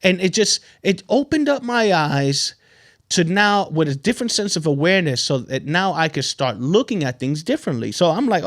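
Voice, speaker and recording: Guy podcasting a self-help story, chatty, keeps saying right?, voice jumps up and down a lot. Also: moderate pace. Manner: conversational, repeats himself, says "right?" often; animated, swings in pitch and loudness. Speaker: podcast host. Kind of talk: motivational storytelling monologue.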